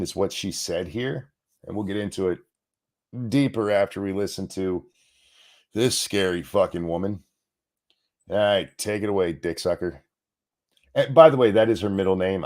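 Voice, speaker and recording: A man hosting a show, giving sarcastic, mocking commentary over news clips, his voice swinging between loud and soft. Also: deep voice. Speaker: show host.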